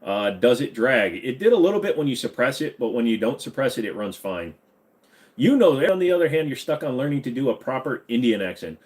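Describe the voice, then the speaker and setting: A man's voice: mid-range voice, big pitch swings, fairly quick, a little mellow. A man in his forties hosting a casual live-stream Q&A at his computer desk, reading comments aloud and joking and teasing. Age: 40s.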